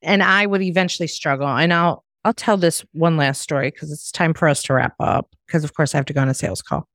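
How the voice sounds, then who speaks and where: A woman's voice: sits low, brisk, dry recording, studio quality. A middle-aged woman hosting a podcast, chatting casually and acting out the voices of people in her stories. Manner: animated storyteller, acts out quoted voices. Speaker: podcast host. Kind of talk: casual chat.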